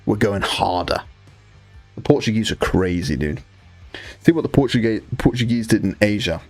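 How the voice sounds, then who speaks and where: A man's voice: lowish voice, expressive, fairly quick, darkish tone, soft background music. A young man with a Northumbrian accent, hosting a casual live stream while painting miniatures, rambling with frequent restarts and crude banter. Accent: Northumbrian English. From Northumberland, England. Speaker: livestream host.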